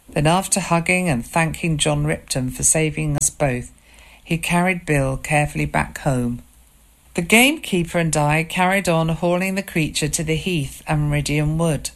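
A woman narrating a first-person story in a calm, measured way. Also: deep voice.

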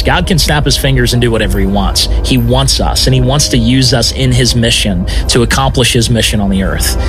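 A man sharing a personal testimony in an interview, earnest and animated, often stumbling over repeated words. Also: medium pitch.

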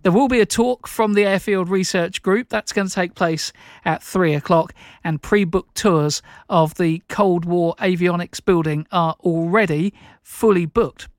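Chatty radio presenter, dry sound. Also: male voice, high voice, measured pace, no echo. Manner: chatty, informal, with frequent uhs and self-corrections. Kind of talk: local radio links between songs. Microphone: studio microphone.

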